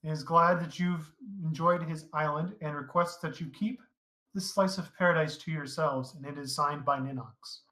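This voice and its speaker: A man narrating a tabletop game as dungeon master, easygoing and halting, with many fillers. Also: on the high side, fairly even intonation, pushed and bright, reverberant, rough recording.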